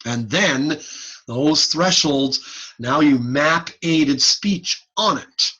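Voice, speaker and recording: A man giving an informal online lecture, lively and blunt, over a computer mic on a video call. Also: fairly high pitch, extremely slow, husky, highs cut off. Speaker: audiology lecturer.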